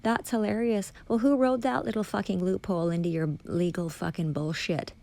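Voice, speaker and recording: A woman in an angry, profane monologue, reading passages aloud and firing back sarcastic accusations. Her voice has a gravelly rasp. Her pitch sits in a middle register for a woman. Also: fairly even intonation, moderate pace, a little mellow. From Canada. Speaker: vlogger reading and rebutting a policy document.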